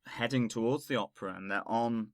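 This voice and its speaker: A man's voice: medium pitch, fairly quick, dry recording. A man co-hosting a film review podcast, talking in a rambling, casual way with frequent restarts. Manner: rambling, restarts phrases, laughs easily. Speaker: podcast co-host.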